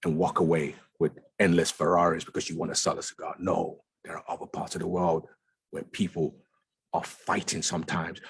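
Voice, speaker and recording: A man's voice: low voice, level tone, normal speed, creaky, breathy edge, no room sound. A man speaking as a guest in a lounge, talking emphatically and repeating words for stress. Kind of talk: conversational talk.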